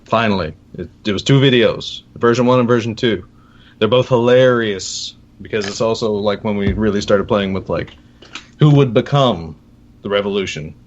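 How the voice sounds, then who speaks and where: A man's voice: fairly low pitch, normal speed, slight background noise. A man co-hosting a casual gaming podcast, laid-back and rambling with lots of fillers. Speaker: podcast co-host. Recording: dull lo-fi audio.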